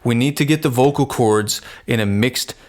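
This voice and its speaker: A man teaching singing, explaining plainly and breaking into sung falsetto demonstrations. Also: normal speed. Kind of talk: vocal lesson with sung demonstrations.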